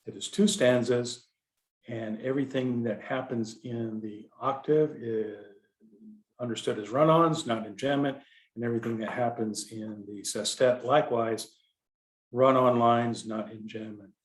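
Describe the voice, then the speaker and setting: A man's voice: medium pitch, fairly even intonation, measured pace, roomy sound. A man with a Texan accent giving an informal poetry lecture, talking conversationally, digressing and correcting himself with fillers. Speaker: contest director teaching poetry explication.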